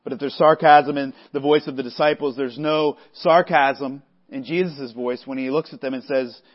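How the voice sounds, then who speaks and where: A man preaching a sermon as pastor, measured and earnest, sometimes stumbling and restarting his words. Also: mid-range voice, fairly even intonation, highs cut off. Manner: measured preaching with frequent restarts, voicing the disciples conversationally.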